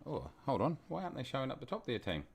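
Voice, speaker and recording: A man's voice: medium pitch, sing-song, fast talker, gravelly, husky. A man with a New Zealand accent, hosting a flight-sim live stream in casual, jokey chat and greeting viewers by name. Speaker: flight sim livestream host.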